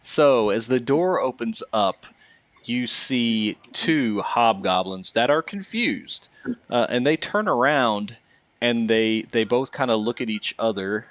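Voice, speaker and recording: A man's voice: lowish voice, takes it slowly, no echo. A man narrating a tabletop role-playing game as dungeon master, hesitant and casual with frequent restarts. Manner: relaxed, hesitant, restarts often.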